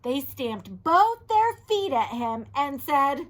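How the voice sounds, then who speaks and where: A woman teacher reading a children's storybook aloud, animated, asking the children questions and sometimes dropping to a whisper. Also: high-pitched, slow pace.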